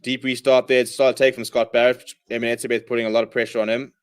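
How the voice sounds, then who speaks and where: A young man hosting a live watchalong, calling the play and reading out viewer comments, and he bursts out loud at big moments. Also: mid-range voice, rapid-fire, clean tone. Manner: excitable, shouts at big plays, reads viewer comments. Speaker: host.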